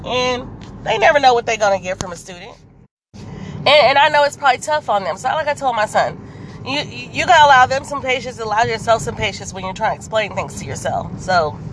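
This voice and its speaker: A woman in her thirties or forties, a mother, casually telling a story to her followers in a chatty, animated way with many fillers. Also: fairly high pitch, slight background noise. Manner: chatty, animated, lots of "you know". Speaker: vlogger.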